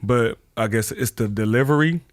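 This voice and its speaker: A man hosting a casual podcast, asking questions in a relaxed, slangy way. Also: medium pitch, normal speed, dry recording, studio quality. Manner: relaxed, laid-back, slangy.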